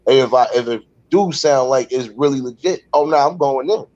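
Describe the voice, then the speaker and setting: A man hosts a casual panel discussion in a slightly mellow mid-range voice, captured in dull, dry lo-fi audio. He talks reflectively and at length, with many fillers, often repeating "man" and "overall."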